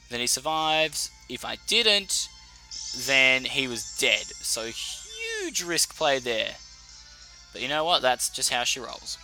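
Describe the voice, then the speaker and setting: Young Australian male YouTuber, very bright tone, lively and swearing, faint music underneath. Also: fairly high pitch. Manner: animated, profane, self-correcting. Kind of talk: casual battle commentary. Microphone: desk mic.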